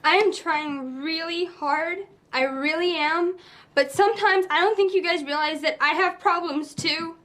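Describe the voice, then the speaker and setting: A woman's voice: extremely high pitch, measured pace, a bit bright. A woman acting in a film drama, complaining with strained feeling.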